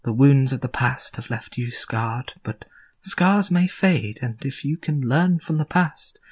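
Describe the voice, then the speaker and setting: A man voicing a slow, solemn and wise mentor figure in a tabletop game. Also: medium pitch, animated, breathy edge. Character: wise gentle male mentor figure Gorm.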